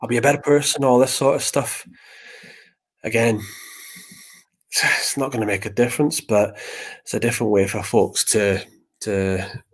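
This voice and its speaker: A man hosting a podcast, talking casually about grief and acting out old conversations in a rambling, repetitive way. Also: on the low side. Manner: rambling, repeats words, acts out past conversations. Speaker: podcast host.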